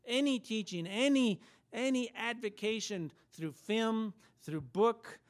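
High-voiced man preaching emphatically. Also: animated, takes it slowly. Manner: emphatic, preaching with repeated phrases and rhetorical questions. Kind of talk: sermon.

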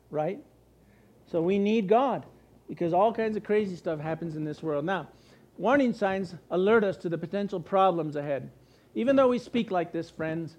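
Middle-aged male pastor from the US, high voice, animated preaching, answers his own questions. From United States. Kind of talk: sermon.

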